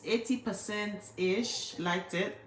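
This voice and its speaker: A woman's voice: mid-range voice, slow. Chatty Angolan woman in an echoey room. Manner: chatty, laughs often, mimics critics mockingly. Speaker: livestreamer. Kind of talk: casual chat. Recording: echoey room, faint background noise.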